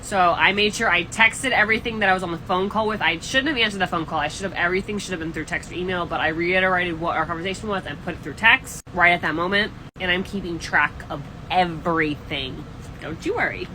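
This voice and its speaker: Woman landlord vlogging, bright, animated storyteller; faint room noise behind. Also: on the low side, quick pace, rough recording. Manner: animated, exasperated, gossipy. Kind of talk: casual storytime vlog.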